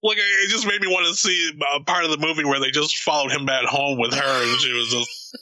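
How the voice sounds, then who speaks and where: A man's voice: fairly high pitch, a little fast, bright, forceful tone, no room sound, poor audio. A man in casual chat, telling stories with lots of swearing and laughter and acting out scenes. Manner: profane, laughing storyteller who acts out scenes.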